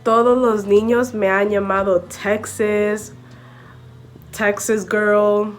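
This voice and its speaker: A woman's voice: mid-range voice, little pitch movement, takes it slowly. A young woman vlogging casually to camera, chatty and full of "like" and "okay?", switching between English and Spanish. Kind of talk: casual story-time chat to camera.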